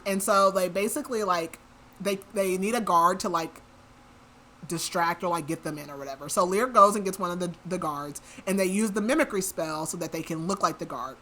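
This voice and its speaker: A woman's voice: lowish voice, bright, forceful tone. A woman hosting a podcast, retelling a book's plot in a casual, chatty way full of fillers. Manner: chatty, filler-heavy retelling with many likes. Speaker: podcast host. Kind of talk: casual book recap.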